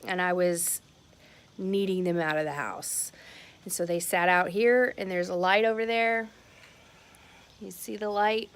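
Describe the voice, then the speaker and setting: A woman's voice: on the low side, steady tone, a little slow, long pauses. A woman in her thirties talks candidly and emphatically to the camera at home about a family incident. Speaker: vlogger, mother. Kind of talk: casual talk to camera. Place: at home, near a porch.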